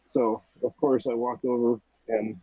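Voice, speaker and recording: A male podcast co-host with a husky, slightly raspy voice, relaxed as he tells stories in casual chat. The recording is dry and dull, with a lo-fi sound. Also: medium pitch, measured pace, no room sound. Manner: easygoing anecdotal storytelling.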